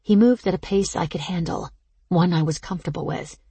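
A woman giving slow, intimate, first-person audiobook narration. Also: lowish voice, mellow, slightly rough, no room sound.

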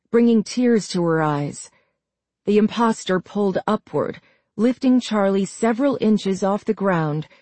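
Slow, measured woman narrating a story. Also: medium pitch, dark tone, no room sound. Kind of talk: scripted audiobook narration.

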